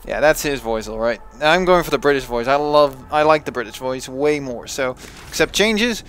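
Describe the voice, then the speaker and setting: A man's voice: mid-range voice, lively intonation, moderate pace, fairly bright tone, slight background noise. A young man with a Dutch accent, chatting casually and thinking aloud as he plays a video game. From Netherlands. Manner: chatty, thinks aloud with restarts and self-talk. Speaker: let's play gamer.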